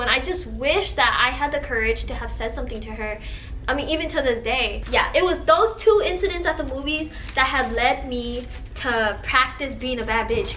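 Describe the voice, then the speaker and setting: Young woman, high voice, sassy, animated, casual storytelling vlog. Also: slight background noise. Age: young adult. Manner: animated, sassy, swears freely. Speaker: vlogger.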